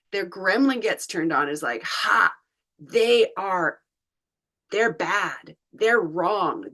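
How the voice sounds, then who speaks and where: Woman, unhurried reflective talker, mid pitch, video call. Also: a bit bright. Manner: slow, thoughtful, searching for words. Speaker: joy research facilitator. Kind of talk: reflective conversation.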